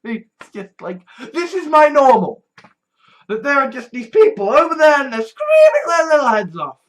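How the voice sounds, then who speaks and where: A vlogger in a candid personal monologue, blunt and profane, sighing and trailing off, then flaring into mocking loud bits. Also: high voice, huge pitch swings, normal speed. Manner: blunt and profane, with frequent sighs and trailing restarts; swings between weary mutters and mocking shouted quotes.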